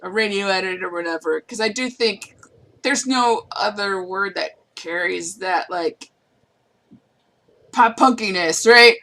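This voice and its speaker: Woman, unhurried speech, hesitant, thinking aloud, casual songwriting chat. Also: medium pitch, a bit bright. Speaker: songwriting partner.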